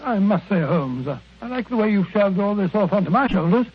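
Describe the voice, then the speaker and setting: An actor playing a genial, earnest doctor companion who talks with a flustered, hesitant manner, in 1940s radio acting style. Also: male voice, high voice, animated, a little fast, breathy edge. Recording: tinny narrow-band old radio recording.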